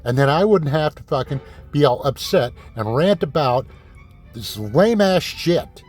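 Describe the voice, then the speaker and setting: A man's voice: on the high side, lively intonation, a little slow, a little mellow, soft background music. A man hosting a diecast car vlog in a casual, exasperated ranting way, swearing often and sarcastically calling his viewers kids. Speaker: diecast collector host.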